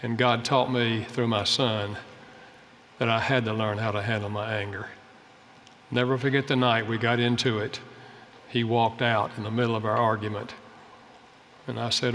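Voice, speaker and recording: A man's voice: fairly low pitch, flat delivery, moderate pace, pauses often, fairly bright tone, in a large hall, a little hiss or hum. An older man giving an earnest, folksy sermon-style talk about family life, telling stories from his own home. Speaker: speaker on family and marriage.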